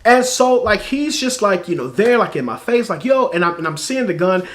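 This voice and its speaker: A man vlogger telling a personal story to camera in a chatty, animated way, full of "like"s. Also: high voice, normal speed. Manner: animated, chatty, filler-heavy with many "like"s.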